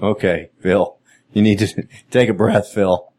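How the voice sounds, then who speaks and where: A man with a deep, low voice co-hosts a loose sports talk show, commenting on calls with a dry, amused tone. He speaks casually and easily, like he's chatting with friends. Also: steady tone, unhurried, a little mellow. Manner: dry, amused, counting along. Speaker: podcast co-host. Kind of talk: casual chat.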